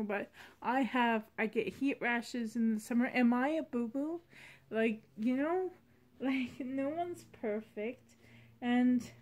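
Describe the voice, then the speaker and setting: Taking things slowly, a woman with a voice on the high side talks through her doll collection in a casual vlog. She's soft-spoken and heartfelt, rambling as she goes.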